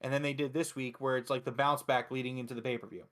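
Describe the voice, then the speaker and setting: A man from Philadelphia hosting a casual wrestling review show, talking excitedly and emphatically with frequent swearing. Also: medium pitch, fast, crowd noise. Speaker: host.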